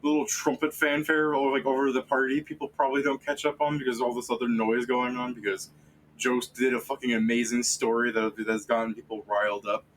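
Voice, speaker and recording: A man's voice: mid-range voice, level tone, fairly quick, a bit bright, slight background noise, low-quality recording. A man running a tabletop game on stream, talking casually in a rambling, profane way. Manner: rambling, profane, full of fillers. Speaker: game master.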